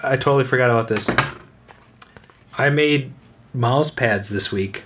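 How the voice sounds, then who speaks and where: A man co-hosting a casual podcast, talking in an excitable, bouncy way and laughing easily. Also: mid-range voice, unhurried, noisy background. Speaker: podcast co-host. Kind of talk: casual chat.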